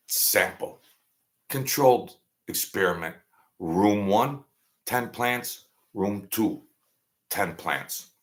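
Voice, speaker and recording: A man's voice: on the low side, a bit bright. A man in his sixties hosting a live stream, talking casually and rambling to his viewers, often digressing and laughing at his own jokes. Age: 60s.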